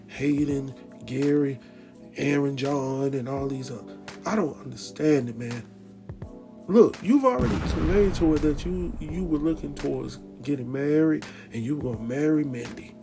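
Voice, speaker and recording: A male recap host talks in a gravelly, mid-pitched voice and keeps it animated and slangy. A clear music bed plays under him the whole time. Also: moderate pace. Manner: animated, slangy, laughs often, jumps into quoted voices. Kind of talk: casual TV recap commentary.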